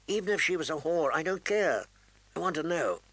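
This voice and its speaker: Earnest young watchman, insistent, gravelly but bright, reader does him. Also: on the high side, animated, a little fast, dry recording, pitched above the performer's own voice, exaggerated voice. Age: young adult. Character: troubled young man of the watch.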